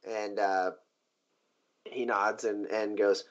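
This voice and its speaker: A man narrating as game master in a tabletop game, halting with many fillers. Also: medium pitch, highs cut off.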